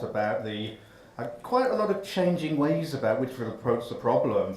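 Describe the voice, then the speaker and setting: A man's voice: medium pitch, darkish tone. A man on a conference panel introducing his work, fluent and lightly joking. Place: big conference room. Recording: echoey conference room.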